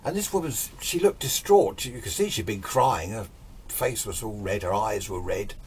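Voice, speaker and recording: A man's voice: on the low side, lively intonation, normal speed, a little mellow, a little hiss or hum. An older man telling a ghost story in a rambling, chatty, self-deprecating way. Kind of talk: casual spoken ghost story.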